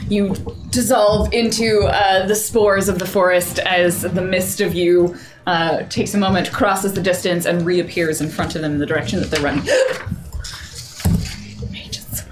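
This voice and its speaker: A woman's voice: on the low side, steady tone, moderate pace, noisy background. A woman running a tabletop game as game master, chatty and often laughing.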